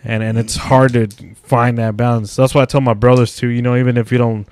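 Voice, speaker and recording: A man's voice: medium pitch, level tone, brisk, darkish tone. A young man from Mexico hosting a podcast, chatting casually, swearing a lot and laughing often. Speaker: podcast host. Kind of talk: casual chat.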